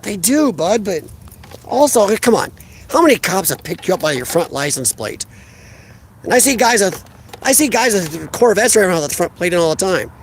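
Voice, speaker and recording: A man's voice: high-pitched, big pitch swings, normal speed, slight background noise. A man chatting casually outdoors during a phone live stream, rambling and answering viewers' comments. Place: outdoors by a parked car.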